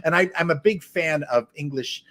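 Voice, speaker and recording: A man's voice: a little high, moderate pace, a bit bright. A man in his sixties, a guest on a talk show, telling stories in a theatrical, camp way. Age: 60s. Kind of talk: casual chat. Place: restaurant.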